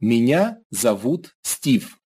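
Male native speaker for a language course, husky voice, very slow and careful delivery. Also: medium pitch, very animated, dark tone. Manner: slow, careful example phrases. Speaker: native speaker model for learners.

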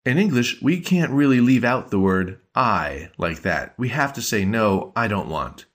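A man teaching a language lesson in a measured, explanatory way. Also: medium pitch, lively intonation. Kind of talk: scripted lesson narration.

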